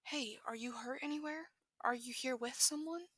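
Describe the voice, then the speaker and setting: A woman voicing a kind teenage boy who calmly reassures a lost child. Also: high-pitched, moderate pace, no room sound, studio quality. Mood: gentle. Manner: soft, reassuring.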